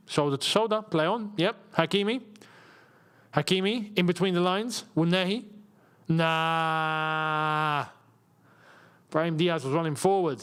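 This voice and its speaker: A young man hosting a live football watchalong, calling out player names in quick bursts and reacting loudly to the action. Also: sits high, clean tone. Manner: excitable, rapid-fire name calling, bursts of laughter. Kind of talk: live match commentary and chat.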